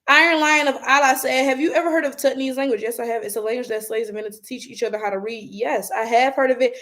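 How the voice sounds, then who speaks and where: Woman, young adult, Detroit African American Vernacular accent, high-pitched, blunt, profane, casual livestream commentary. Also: fast talker, fairly bright tone. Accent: African American Vernacular English, Detroit. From Detroit, USA. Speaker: YouTube host reading comments.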